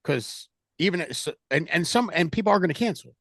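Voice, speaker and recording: A man's voice: fairly high pitch, lively intonation, brisk, vocal fry, no echo, clean studio sound. A man leading a sales team call, giving a direct, motivational pep talk to his agents over a video call.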